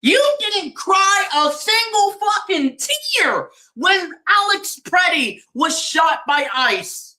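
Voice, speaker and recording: A woman with a high, sharply bright voice delivers a preachy, mocking rant. She talks at an unhurried pace and drops in curses. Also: sing-song. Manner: preachy, mocking, laughs and swears often. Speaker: streamer. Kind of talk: impassioned religious rant.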